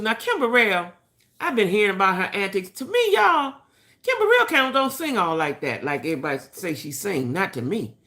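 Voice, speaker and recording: Older woman host, gossipy and opinionated, animated pitch swings, bright tone. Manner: chatty, opinionated, talks to viewers as y'all. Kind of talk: casual gossip chat.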